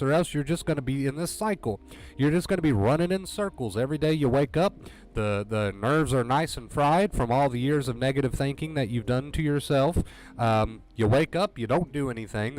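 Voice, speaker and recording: A man coaching viewers through anxiety recovery on a livestream, talking earnestly and directly, repeating his points for emphasis. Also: medium pitch. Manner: earnest, repetitive, direct pep talk.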